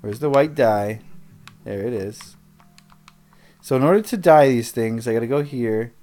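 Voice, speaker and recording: A man's voice: medium pitch, a little slow, warm tone. A man livestreaming a building game, chatting casually with viewers in a rambling, self-interrupting way. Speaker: streamer.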